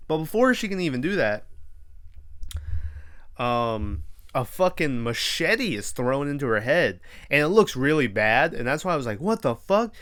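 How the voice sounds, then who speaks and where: A man's voice: fairly high pitch, a bit bright, smooth. A young man hosting a podcast, casually recapping a horror movie in a rambling, profane way and acting out the characters' lines. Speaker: podcast host.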